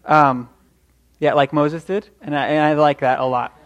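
A man's voice: fairly high pitch, fairly even intonation, moderate pace. A young man preaching a sermon in an earnest, encouraging way, often restarting his sentences. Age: young adult.

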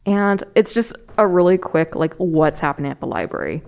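A woman's voice: fairly low pitch, normal speed, vocal fry, darkish tone. A woman co-hosting a librarian podcast, chatting casually and laughing often.

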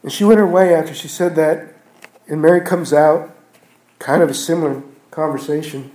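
A man preaching in a roomy, echoing church, his voice pitched a little high but dark and mellow in tone. He swings from loud, emphatic peaks down to near-hushed lines, piling up repeated phrases as he builds each point. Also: fairly even intonation, moderate pace. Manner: repetitive, building phrases with restarts. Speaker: pastor. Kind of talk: sermon. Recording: echoey room.

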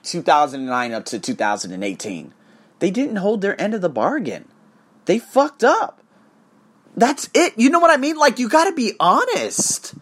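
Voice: mid-range voice, slightly rough. A teacher ranting in a casual vlog, profane and emphatic, speaking heatedly about work. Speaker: English teacher in Bangkok.

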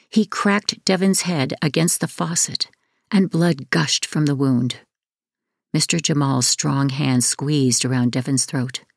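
A woman narrating a memoir audiobook in a measured, even reading voice, close to a studio mic. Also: low voice, creaky, no echo.

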